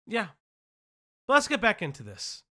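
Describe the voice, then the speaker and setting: A woman's voice: medium pitch, huge pitch swings, normal speed, pushed and bright. A woman hosting a commentary stream, talking bluntly and swearing often. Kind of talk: casual commentary.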